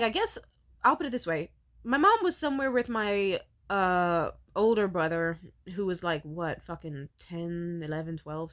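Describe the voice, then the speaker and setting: A young woman in her twenties vents in a rambling, profane rant. Her pitch swings widely as she talks, and her voice jumps between sharp emphasis and quiet asides. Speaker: vlogger. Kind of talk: ranting personal vent.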